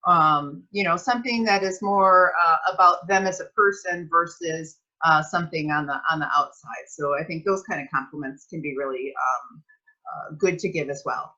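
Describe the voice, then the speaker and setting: A woman co-teaching a social skills lesson, giving friendly, measured instructions with frequent pauses. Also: low voice, bright, forceful tone. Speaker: prevention specialist, co-teacher. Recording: dull lo-fi sound.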